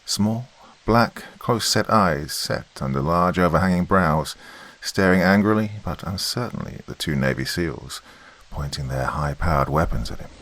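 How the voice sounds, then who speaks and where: A man with an extremely deep voice narrates a horror story. He reads in a measured, deliberate way, with scripted storytelling pacing. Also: animated, fairly bright tone.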